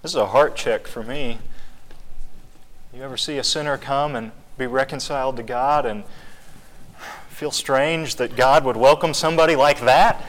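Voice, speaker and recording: Male Bible study teacher, mid-pitched voice, questions the group, hall reverb. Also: moderate pace, pauses often. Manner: asks the group questions, conversational.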